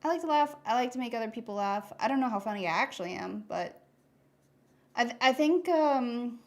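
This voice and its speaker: A young adult woman chats loosely during a live drawing stream, full of little restarts and asides. She reads out messages from chat and reacts as she goes. Her talk is relaxed and conversational, close to the mic. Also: on the high side, fairly quick. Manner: chatty, rambling, reads chat aloud. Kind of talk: casual chat while drawing.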